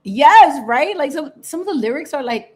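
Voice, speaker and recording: A woman hosting a casual livestream, chatty and animated, laughing often and slipping into Spanish phrases. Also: sits high, moderate pace. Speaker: livestream host.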